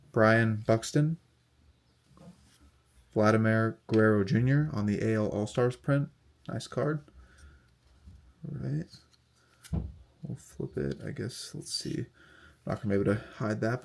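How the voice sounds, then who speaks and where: A young man with a fairly low voice talks casually while opening packs of cards. He reads off player names one after another in an easy, steady way, with small asides. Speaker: card collector unboxing host. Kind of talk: casual unboxing commentary.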